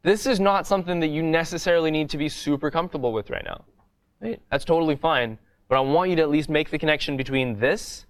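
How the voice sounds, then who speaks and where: A man's voice: on the high side, a bit bright, smooth. Casual man teaching a coding class. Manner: casual, repeats "right?" often, explains step by step. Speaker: coding bootcamp instructor. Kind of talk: live coding lecture.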